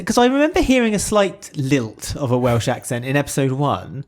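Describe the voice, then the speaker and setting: A man from the UK co-hosting a podcast, in casual chat, chatty and joking with quick asides. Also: medium pitch, very animated. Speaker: podcast co-host.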